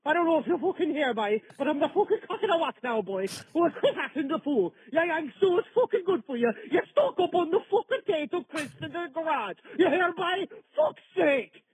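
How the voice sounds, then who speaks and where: A man leaving a voicemail in which he plays a brash, cocky Irish tarmac hustler with an Irish accent, swearing and talking fast. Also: extremely high pitch, very animated, no echo, muffled recording. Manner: rapid, swearing, swaggering. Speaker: voicemail caller.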